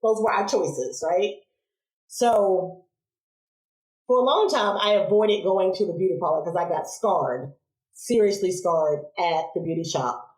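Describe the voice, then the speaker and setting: A woman in her forties, a podcast guest, telling childhood stories in a casual interview, animated, laughing and acting out voices. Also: fairly low pitch, measured pace. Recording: roomy echo.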